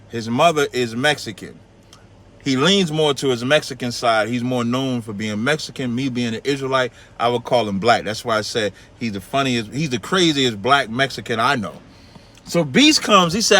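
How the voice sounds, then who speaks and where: A man with a New York accent hosting a call-in radio show, telling a long story in casual talk and acting out the people in it. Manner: animated, acts out quoted people in a much higher voice.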